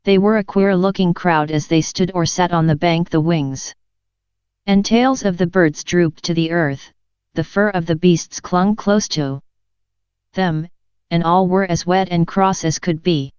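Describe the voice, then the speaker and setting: A woman narrating a children's audiobook in a gentle, measured storytelling manner. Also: lowish voice, clean tone, dry recording. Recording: dull lo-fi dry recording.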